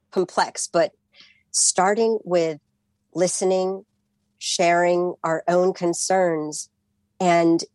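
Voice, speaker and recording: A woman professor from California answers interview questions in a thoughtful, halting way. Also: fairly low pitch, no room sound. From California, USA. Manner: thoughtful, warm, halting with fillers. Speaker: professor, guest expert.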